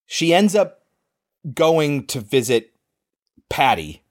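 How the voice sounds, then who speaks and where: A man's voice: a little high, takes it slowly. A man co-hosting a podcast, casually recapping a movie and acting out the characters' lines. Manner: animated retelling, swears, acts out quoted lines. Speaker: podcast co-host.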